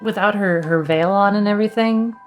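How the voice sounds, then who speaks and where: A woman with a medium-pitched voice streams a visual novel, reading it aloud and reacting as she goes. She giggles often and gets flustered, dropping playful asides between the lines. Faint music plays underneath. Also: brisk.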